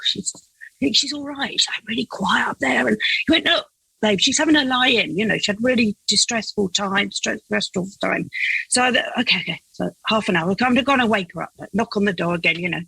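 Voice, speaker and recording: A middle-aged woman who works as a foster carer tells a story in a relaxed interview, laughing a lot and acting out voices, both her own and other people's. Her mid-range voice moves fairly quickly, with vocal fry and a breathy edge. The low-quality recording has no echo.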